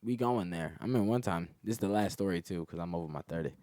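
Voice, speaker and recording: A man's voice: deep voice, quick pace, dark tone, no echo, clean studio sound. A young man, a comedian telling crude, boastful stories full of slang and laughing at his own jokes. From Atlanta area, Georgia. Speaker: comedian guest. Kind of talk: crude storytelling.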